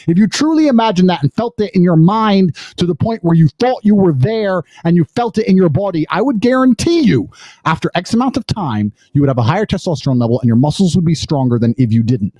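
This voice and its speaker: A man in his thirties hosting a live stream, talking in a boastful, insistent way that builds to loud emphasis. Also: sits high, lively intonation, fast, dry recording. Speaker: livestream host.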